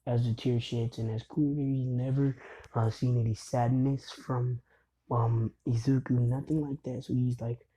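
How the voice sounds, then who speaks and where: A man's voice: medium pitch, level tone, moderate pace, warm tone, poor audio. A young man casually retelling a fan story in a rambling way, full of fillers and "he's like".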